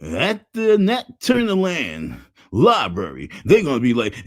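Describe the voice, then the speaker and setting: A man's voice: mid-range voice, unhurried, dry recording. Black guy ranting on his stream, voice jumping all over, mocks people, dry sound. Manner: animated, repetitive chanting, mocking voices. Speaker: livestream host. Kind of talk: casual livestream rant.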